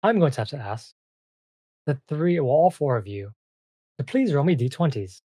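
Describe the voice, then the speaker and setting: A game master narrating a tabletop game in a loose, halting way with many fillers. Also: medium pitch, sing-song, warm tone, no room sound.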